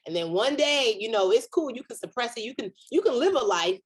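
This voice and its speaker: Woman guest, comedian and author, lively storyteller, a bit high. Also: fairly quick, slightly rough. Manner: animated storyteller, acts out inner voices with big pitch jumps. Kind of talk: virtual panel conversation.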